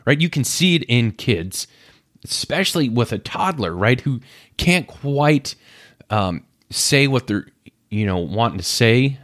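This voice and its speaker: A podcast host in his thirties, recorded dry with studio quality, speaks at a medium pitch. He reflects candidly on his own past in a self-searching monologue, voicing his inner thoughts aloud as if they were characters.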